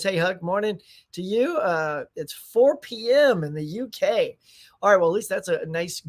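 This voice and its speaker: A middle-aged man hosting a casual morning livestream, chatty and upbeat, greeting viewers by name with frequent laughs and restarts. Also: high-pitched. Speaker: livestream host.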